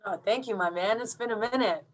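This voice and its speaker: A woman, a strength coach, chatting casually as a podcast guest; laid-back, laughing often and filling pauses with "um" and "uh". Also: a little high, low-quality recording.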